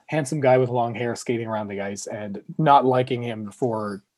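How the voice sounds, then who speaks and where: A man's voice: mid-range voice, normal speed, a little mellow, dry recording. A man co-hosting a casual hockey podcast, rambling with lots of fillers and restarts. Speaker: podcast co-host.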